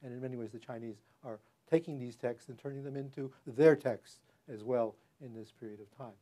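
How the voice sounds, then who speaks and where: Delivering an academic public lecture in a hall, an older man speaks haltingly, full of fillers and restarts. His mid-range voice has a dark tone and fairly even intonation.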